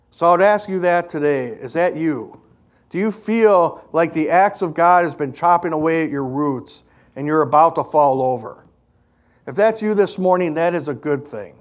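A man's voice: high voice, moderate pace. A man preaching a sermon as a pastor, in an earnest, emphatic storytelling manner.

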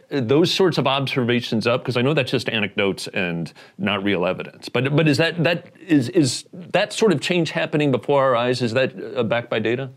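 A man hosting a comedic interview, jokey and halting, full of restarts and fillers. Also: medium pitch. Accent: Indiana. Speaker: comedian host.

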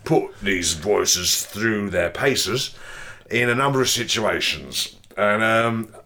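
A man's voice: lowish voice, expressive, takes it slowly, bright, forceful tone. A man hosting a comedy show, leading crude improv games with playful, bawdy banter. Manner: crude, playful, putting on mock Cockney lines. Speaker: podcast host.

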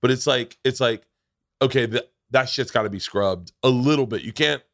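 A man's voice: medium pitch, normal speed, gravelly, fairly bright tone, dry recording, studio quality. A man hosting a podcast in casual chat, telling stories in a profane way and acting out quotes in voices. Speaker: podcast host.

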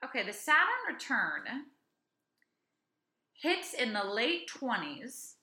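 A woman's voice: a little high, very animated, takes it slowly, sharp tone, roomy sound. A woman in her thirties co-hosting a casual chat, talking things through and reading aloud from a website. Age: 30s. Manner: chatty, reads aloud from a website. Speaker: podcast co-host.

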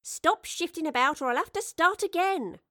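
Woman playing a bossy wardrobe mistress, scolding, sarcastic, raised pitch, dry recording. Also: sing-song, measured pace, pushed and bright, dry recording, exaggerated voice.

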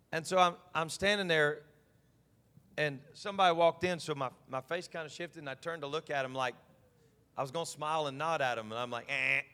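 A man with a fairly high, sharp voice preaches an evening sermon as pastor in a large hall with long reverb. He's emphatic and pleading, frequently asking his listeners whether they're following him.

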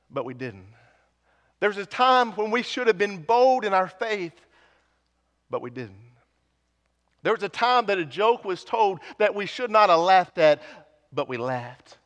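A man's voice: high voice, normal speed, few pauses, a bit bright. A man preaching a sermon, building with repeated phrases and dropping to near whispers. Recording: long hall reverb.

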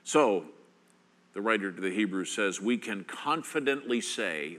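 A man's voice: on the low side, lively intonation, a bit bright. A man preaching a sermon as pastor, reading scripture aloud with rising emphasis. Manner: reads scripture with rising emphasis, slow and deliberate.

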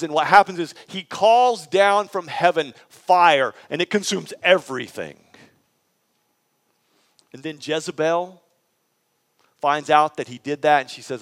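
A man preaching a sermon in a conversational, animated storytelling way, prompting his listeners and acting out the people in the story. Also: fairly high pitch, in a large hall. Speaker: pastor.

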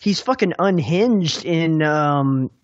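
A man's voice: a little high, lively intonation, takes it slowly, no room sound, lo-fi sound. A man on a film podcast, talking enthusiastically and swearing freely. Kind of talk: casual film discussion.

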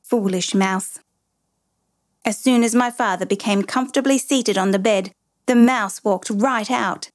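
A woman's voice: medium pitch, unhurried. A woman reading a storybook. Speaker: narrator.

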